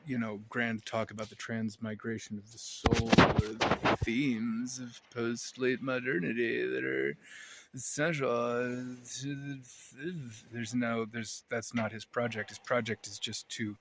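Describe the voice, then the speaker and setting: A man's voice: medium pitch, level tone, slow, a bit bright, slight background noise. A man talking casually to his camera at home, rambling and wry, often breaking off mid-sentence. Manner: rambling, self-interrupting, wry. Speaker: vlogger. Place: indoors, at home.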